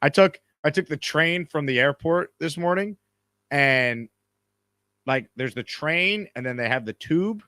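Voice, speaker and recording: A man hosts a live sports talk stream, rambling and joking as he stumbles over his words. His voice is bright and forceful, recorded dry and close. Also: fairly high pitch, animated, measured pace, no echo. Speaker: host.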